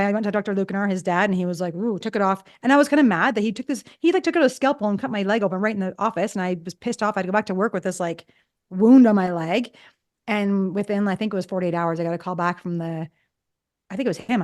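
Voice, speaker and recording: A woman's voice: mid-range voice, fast talker, darkish tone. A woman in her fifties, a psychologist guest, telling personal stories in a chatty way and acting out past conversations. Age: 50s. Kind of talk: casual storytelling interview.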